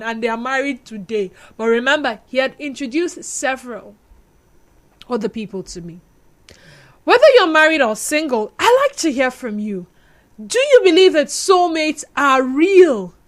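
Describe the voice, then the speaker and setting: High-voiced, chatty Nigerian woman host. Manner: chatty and expressive, acts out scenes and laughs at herself. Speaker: radio talk show host. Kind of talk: radio talk show monologue. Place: radio studio. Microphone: studio microphone.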